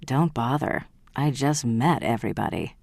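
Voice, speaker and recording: An audiobook reader voicing a charming, smooth-talking heir, teasing and unhurried. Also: mid-range voice, a little mellow, no room sound.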